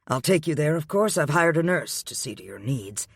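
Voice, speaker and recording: A man reading an audiobook, voicing a calm, domineering wealthy man who speaks in a measured, patient way. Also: on the high side, gravelly, breathy edge, no echo, clean studio sound, voice pushed up, full character voice. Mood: commanding.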